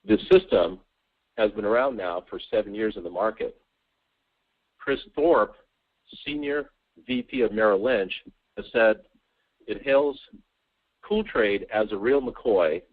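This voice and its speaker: A man with a low, deep voice delivers an eager sales pitch over a conference call. He keeps stressing his points and often trips over repeated words. The sound is thin and tinny, as though heard down a phone line. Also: measured pace, pauses often. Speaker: sales presenter. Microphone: telephone on a conference call.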